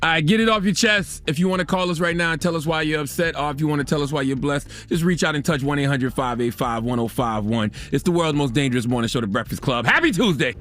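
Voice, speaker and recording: A man's voice: fairly high pitch, fast talker, few pauses, a bit bright. A man hosting a morning radio call-in show, upbeat and easygoing. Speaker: radio host.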